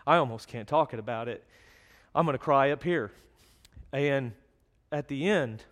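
A man's voice: medium pitch, unhurried, a bit bright. A man preaching a sermon, telling a story earnestly and then reading scripture verses aloud. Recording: long hall reverb.

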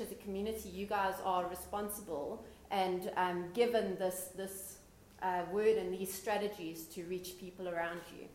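A woman's voice: mid-range voice, darkish tone, slight background noise. A woman sharing a prophetic word with her church, speaking hesitantly with restarts. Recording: echoey church hall.

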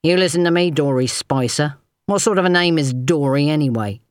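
A woman's voice: low-pitched, a little fast, no room sound, lightly acted. A sneering, swaggering young footman, as a woman reader voices him in a storybook. He mocks and taunts in a pushy, withering tone. The recording is dry and close. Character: sneering thin young male footman, bullying.

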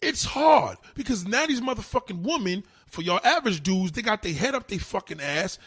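A man delivers a crude, emphatic rant on a casual livestream. His voice sits a little high and sounds husky. His pitch swoops widely as he hammers each point home. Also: big pitch swings, moderate pace, fairly bright tone. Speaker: livestream host.

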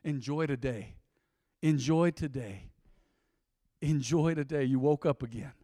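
A male pastor delivers a sermon in a call-and-response style, with joking and laughter between points, then builds into fervent prayer. His voice sits fairly high for a man, and the recording is close and dry, with little room sound. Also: a little slow, dark tone, no room sound.

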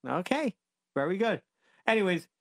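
A man's voice: high-pitched, sing-song, moderate pace, fairly bright tone, no echo, clean studio sound. A man telling a story to children, rambling and playful, interrupting himself and bantering.

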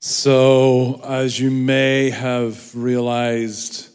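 A man's voice: medium pitch, completely flat delivery, extremely slow, darkish tone, a little hiss or hum. A man from Ireland with an Irish accent, preaching a sermon as a guest speaker in a chatty, self-deprecating, joking way. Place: large church hall. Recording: long hall reverb.

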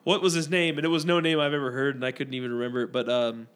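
A man's voice: mid-range voice, little pitch movement, very fast, fairly bright tone, clear, resonant tone. A young man co-hosting a podcast, rambling through casual stories and acting out what other people said. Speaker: podcast co-host. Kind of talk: casual storytelling chat.

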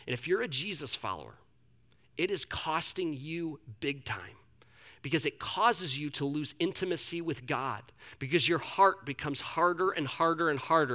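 A man's voice: fairly high pitch, pushed and bright. A young man preaching a sermon, telling candid personal stories with frequent restarts and repetitions. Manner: candid, self-deprecating storytelling with many restarts. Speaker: pastor.

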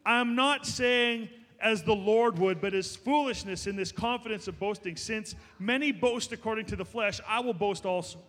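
A man's voice: high-pitched, normal speed, a bit bright, big-room sound. A man preaching a sermon as pastor, emphatic and building to raised, passionate delivery.

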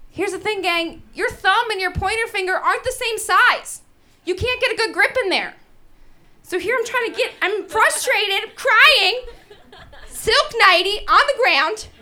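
A woman's voice: very high voice, normal speed. A woman hosting a stand-up comedy show on a club stage, telling stories with lots of laughter into a handheld mic. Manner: animated, laughing through her stories. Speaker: stand-up host.

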